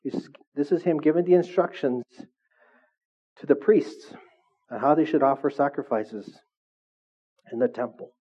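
A man's voice: fairly high pitch, measured pace, pauses often, mellow, slightly rough. Man preaching on a dull recording. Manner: conversational, keeps checking in with the congregation. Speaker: pastor. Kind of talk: sermon.

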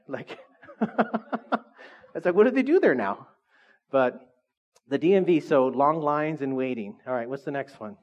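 Chatty pastor guy, kinda high voice, cracking jokes w the crowd, muffled lo-fi sound. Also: expressive, normal speed, long pauses. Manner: chatty, joking with the congregation. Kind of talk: sermon.

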